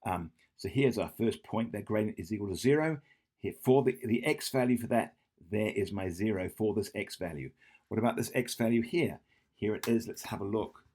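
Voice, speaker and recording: A man's voice: lowish voice, normal speed, darkish tone. A man tutoring math, walking through an exam question while he draws, thinking aloud, correcting himself and checking in with "yeah?". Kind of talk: whiteboard exam walkthrough.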